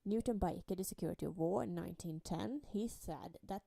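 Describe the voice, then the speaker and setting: Woman lecturer with a gravelly, warm voice, walking students through a diagram. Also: lowish voice, fairly quick, hardly any pauses, no echo. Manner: explanatory, walks through a diagram step by step. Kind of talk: recorded lecture.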